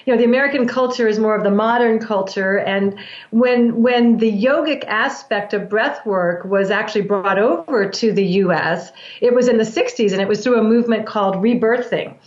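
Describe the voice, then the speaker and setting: A woman's voice: fairly high pitch, moderate pace. A woman guest explaining breath work in an earnest, flowing way, often restarting her sentences. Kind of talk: explanatory interview talk. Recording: roomy, dull lo-fi sound.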